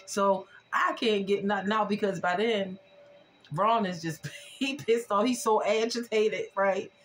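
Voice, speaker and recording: A woman's voice: medium pitch, a little slow, a little hiss or hum. A woman vlogger chatting casually through a storytime, rambling and repeating herself as she retells conversations.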